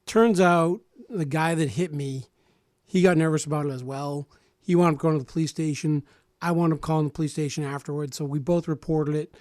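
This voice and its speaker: A man in his forties telling a personal story in casual radio talk, animated and acting out other people's lines, often restarting and repeating words. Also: on the high side, a little fast, dry recording, studio quality. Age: 40s.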